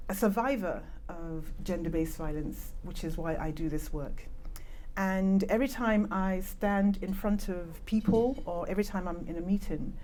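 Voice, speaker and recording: A woman's voice: lowish voice, a little mellow, slight background noise. A woman with a British accent who was born in Nigeria gives an earnest conference talk. She speaks into a microphone in a conference room and makes chatty asides about it. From born in Nigeria, raised in Britain. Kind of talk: conference presentation. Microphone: handheld or clip-on microphone.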